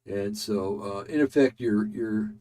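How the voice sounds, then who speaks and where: Tired rambling man, low voice. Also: unhurried, mellow. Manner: rambling, many fillers and restarts. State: tired, yawning. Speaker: political commentary host. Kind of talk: casual rambling commentary.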